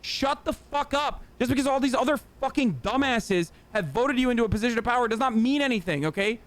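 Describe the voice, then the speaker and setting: A man's voice: very high voice, lively intonation, a little fast. An American man hosting a livestream, ranting sarcastically and with heavy profanity. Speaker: livestream host. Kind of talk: ranting commentary on a gaming stream.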